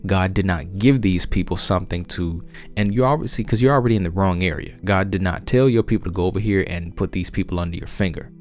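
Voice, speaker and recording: Southern US man, very low voice, insistent podcast preacher, faint music behind. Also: quick pace, darkish tone. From United States. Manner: emphatic, insistent, frequent restarts. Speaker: religious podcast host. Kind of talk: conversational Bible teaching.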